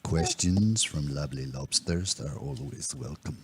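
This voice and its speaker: A performer voicing a suave wax-sculptor man in an improvised comedy audio play, in an extremely deep, gravelly, husky voice. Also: sing-song, a little slow, heavily acted. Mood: smooth.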